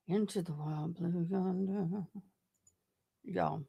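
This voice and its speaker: Her pace measured and her pitch medium, a Tennessee-accented woman hosts a casual trial livestream, stopping between updates to thank viewers by name. There's no echo on the recording.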